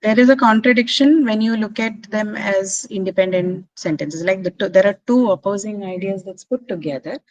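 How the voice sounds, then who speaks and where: A woman's voice: medium pitch, normal speed, few pauses, no room sound, highs cut off. A woman teaching a class, explaining figures of speech patiently and checking that students follow. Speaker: English literature teacher. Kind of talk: classroom lecture.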